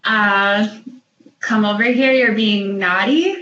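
A woman's voice: medium pitch, slow pace, bright, forceful tone, muffled recording, a little hiss or hum. Giggly woman guest in an echoey room. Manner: giggly, hesitant guesses. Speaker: guest speech-language pathologist. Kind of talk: casual interview chat.

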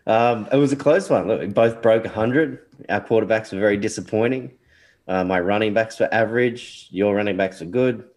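A man's voice: fairly low pitch, moderate pace, darkish tone. A man co-hosting a casual podcast chat with laid-back teasing banter, sounding sniffly and congested. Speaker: podcast co-host.

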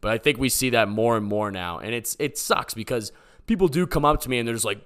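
A man's voice: mid-range voice, animated, brisk, fairly bright tone, smooth. A man from the Boston area hosting a podcast, answering voicemails with sarcastic, joking chat. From Boston area, USA. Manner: joking, sarcastic, rambling with fillers. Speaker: podcast host.

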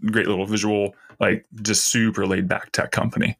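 Husky man with wry asides. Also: fairly low pitch, flat delivery, moderate pace, a bit bright. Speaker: podcast co-host. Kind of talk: casual chat.

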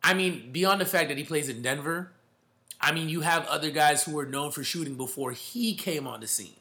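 Male host, slightly high bright voice, slangy emphatic sports chatter. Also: moderate pace. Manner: emphatic, slangy, calls listeners bro. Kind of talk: casual sports talk.

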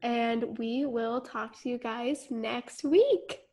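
A woman's voice: a little high, slow, a little mellow. A woman hosting a podcast in casual chat, bubbly, wrapping up the episode. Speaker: podcast host.

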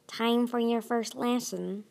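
A woman's voice: fairly high pitch, fairly even intonation, takes it slowly, creaky, darkish tone, a little hiss or hum. A woman reading aloud as a pompous male dragon tutor with an oily, officious manner. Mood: smug. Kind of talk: audiobook reading.

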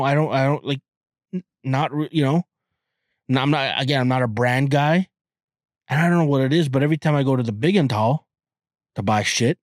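With a mellow, medium-pitched voice, this podcast host from Canada rambles casually and swears freely, often stumbling and starting sentences over. The audio is clean studio sound with no echo.

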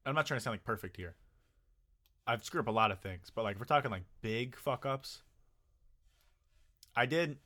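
A young man with a bright, forceful voice talks loosely on a podcast. He swears often and laughs his way through stories about himself. His tone stays relaxed and conversational. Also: mid-range voice, moderate pace, pauses often. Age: young adult. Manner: laid-back, swears a lot, laughs while telling stories. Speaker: podcast co-host. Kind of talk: casual chat.

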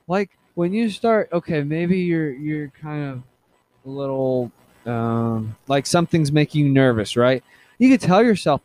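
A man hosting a casual solo podcast, rambling with many fillers, restarts and halting pauses. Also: a little high, dark tone, dry recording. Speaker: podcast host.

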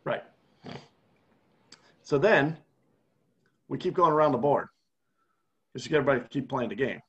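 Animated man explaining casually. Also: medium pitch, moderate pace, muffled recording. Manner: animated storyteller, walks through a game scenario step by step. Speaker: podcast co-host.

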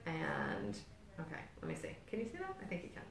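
A woman's voice: low voice, wildly swooping pitch, a little fast, gravelly. A woman with a New York accent, explaining things step by step as a birth educator and often checking in with "right?". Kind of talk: instructional demonstration. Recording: roomy, distant mic, faint ambience.

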